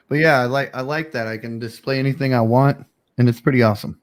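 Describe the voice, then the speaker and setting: A man's voice: medium pitch, normal speed. A man hosting a casual livestream chat, telling a story in a rambling, laid-back way with lots of fillers. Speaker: streamer host.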